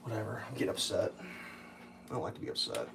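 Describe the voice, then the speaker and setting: Animated, sarcastic ranting streamer, around forty. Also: sits low, fast talker, creaky, background noise. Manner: exasperated ranting, sarcastic, swears a lot. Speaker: livestream host. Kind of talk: casual rambling chat while cooking.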